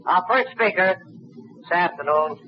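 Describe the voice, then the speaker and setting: A man hosting a roast, telling comic stories in a mock-sincere tone that climbs into loud, profane punchlines. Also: high voice, unhurried. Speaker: master of ceremonies at a roast. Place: banquet hall. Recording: dull noisy 1950s archival recording.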